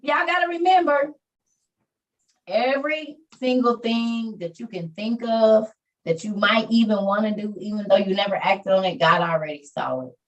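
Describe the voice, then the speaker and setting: A woman's voice: mid-range voice, moderate pace, far from the mic, dull audio. A woman hosting an online meeting, chatting casually with listeners and encouraging them about faith. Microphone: video call.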